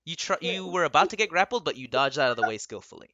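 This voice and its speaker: A man's voice: a little high, expressive, fast talker, pushed and bright, dry recording, muffled recording. A young man running a tabletop game as game master, casual and often laughing.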